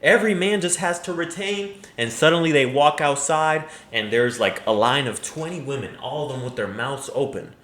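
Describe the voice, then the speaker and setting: A man's voice: mid-range voice, moderate pace, few pauses, a bit bright. Profane mocking male commentator, echoey room. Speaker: commentator reacting to a clip. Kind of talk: crude reaction commentary.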